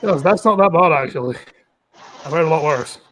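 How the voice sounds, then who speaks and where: A Scottish man with a blunt, quick-witted manner in casual voice chat. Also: on the high side, lively intonation, fairly bright tone. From Scotland.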